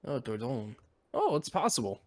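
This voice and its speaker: Relaxed man hosting a podcast. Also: medium pitch. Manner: relaxed, with filler pauses. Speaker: podcast host. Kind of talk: casual podcast chat.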